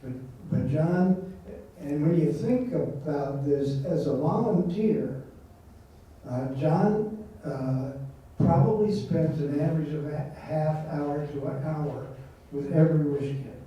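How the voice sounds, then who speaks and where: A man speaking in an unhurried, halting way with many fillers, recorded from a distance in a dull, roomy sound. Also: on the high side. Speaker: guest speaker. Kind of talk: casual conversation.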